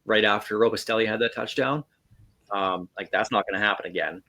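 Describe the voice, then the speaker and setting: A man's voice: fairly low pitch, a little fast, pushed and bright. A man hosting a sports podcast, chatting casually and thinking aloud with fillers. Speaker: podcast host.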